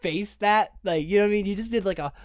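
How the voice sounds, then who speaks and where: A man co-hosting a loose, boozy podcast chat. He tells stories in a rambling, profane and animated way, full of restarts. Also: high-pitched, fast talker, dry recording, clean studio sound. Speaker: podcast co-host. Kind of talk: casual drinking-podcast chat.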